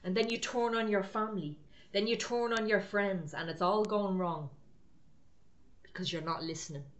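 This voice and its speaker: A woman's voice: medium pitch, fairly even intonation, normal speed, muffled recording. A woman preaching a sermon, firm and exhorting in a conversational way.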